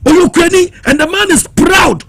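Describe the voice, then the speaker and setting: A man's voice: extremely high pitch, moderate pace, background noise. A Ghanaian man giving heated political commentary on a talk show, impassioned and challenging, switching between Twi and English.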